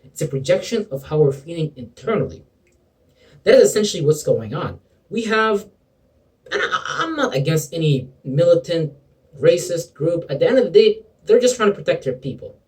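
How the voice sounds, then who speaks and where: Preachy guy fired up, voice swinging all over, kinda high, sounds far off the mic. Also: very animated, normal speed, a little mellow. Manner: preachy, addresses listener as bro and man; sarcastic. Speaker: motivational video preacher. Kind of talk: impassioned spiritual exhortation.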